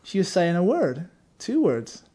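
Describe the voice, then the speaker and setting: A man's voice: high voice, huge pitch swings, unhurried, mellow, breathy edge. A man who writes for a games magazine, telling a wry, self-mocking anecdote in casual podcast chat.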